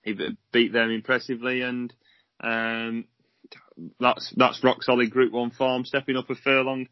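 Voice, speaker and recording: A young man co-hosting a racing podcast, chatting in a relaxed way and thinking aloud with fillers. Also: medium pitch, normal speed, dry recording, dull audio. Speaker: racing tipster co-host. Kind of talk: casual racing podcast chat.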